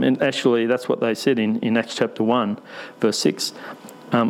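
Casual preacher. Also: male voice, medium pitch, normal speed, a little mellow, a little hiss or hum, rough recording. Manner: casual, asks the congregation questions, light humour. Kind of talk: conversational sermon. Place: church.

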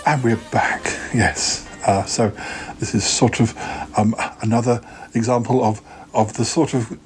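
A man's voice: mid-range voice, steady tone, a little slow, over music. A man hosting a podcast, chatting casually and hesitantly with many fillers. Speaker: podcast host. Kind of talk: casual chat.

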